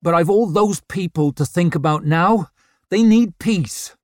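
A man voicing a hard young woman leader who speaks softly, then snaps. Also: mid-range voice, slow, dry recording, studio quality, pitched above the performer's own voice. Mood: strained, defensive. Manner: soft then snapping.

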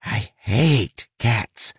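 A man's voice: medium pitch, expressive, drawn-out words, breathy edge, dry recording, clean studio sound, voice pushed up, heavily acted. A man voicing a small, cowardly talking rat who grumbles and whines. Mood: grumbling. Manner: whiny, grumbling.

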